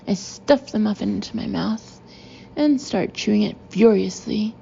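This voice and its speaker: Mellow, gravelly woman reading a novel. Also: mid-range voice, unhurried, muffled recording. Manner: expressive, acting out the narrator's indignation. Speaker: audiobook narrator. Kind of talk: first-person audiobook narration.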